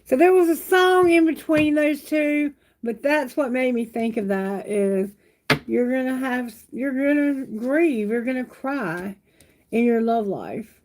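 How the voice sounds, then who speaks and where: A woman's voice: sits high, unhurried, darkish tone, a little hiss or hum, poor audio. A woman giving a live tarot reading, soothing and repeating reassurances to her viewers. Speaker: tarot reader.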